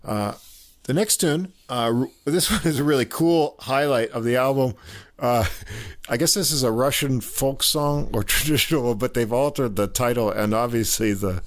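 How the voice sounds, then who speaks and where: A man giving a casual spoken review of a jazz album, halting with many fillers and little chuckles. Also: medium pitch.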